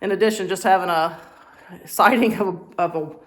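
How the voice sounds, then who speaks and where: A woman's voice: lowish voice, brisk. A woman with a Texan accent talking casually to the camera outdoors on a ranch, chatty and laughing easily. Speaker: hunter vlogger. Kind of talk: casual vlog talk to camera.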